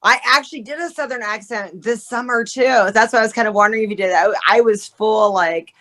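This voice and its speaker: A woman's voice: on the high side, fairly quick, a bit bright. A woman hosting a talk show, asking her guest curious, eager questions in a casual chat.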